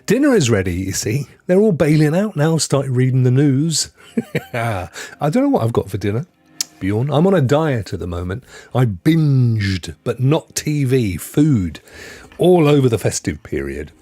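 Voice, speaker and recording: A middle-aged man chatting casually on his live stream, wandering off into asides and laughing along the way. His voice swings widely in pitch and has a slightly husky edge. The recording is dry and close, with faint music under it. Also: big pitch swings, measured pace, warm tone, no room sound. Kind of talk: casual live-stream chat reading good news.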